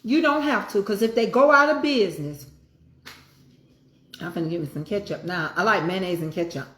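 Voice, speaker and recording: A woman's voice: medium pitch, normal speed, a bit bright, echoey room. Folksy woman talking over a meal. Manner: folksy Southern talk, preachy asides. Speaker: home cooking vlogger. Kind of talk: casual chat while eating.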